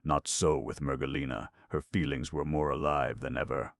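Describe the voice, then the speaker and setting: A very deep, gravelly male audiobook narrator reads a classic novel from a script, telling the story in a measured, expressive way. The recording is studio quality with no room sound.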